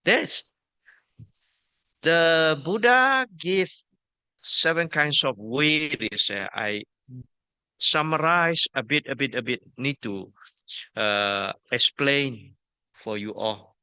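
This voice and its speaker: A man from Myanmar, a monk and meditation teacher, giving a dharma talk at a retreat in simple, halting English, repeating words and using Pali terms. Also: mid-range voice, bright, forceful tone, clear, resonant tone, no room sound.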